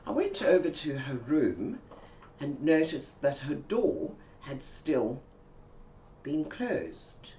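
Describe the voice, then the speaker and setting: A woman telling an anecdote slowly and quietly, with dramatic pauses. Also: sits low, big pitch swings, dull audio, a little hiss or hum. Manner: slow and hushed, with dramatic pauses. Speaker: storyteller. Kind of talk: told anecdote.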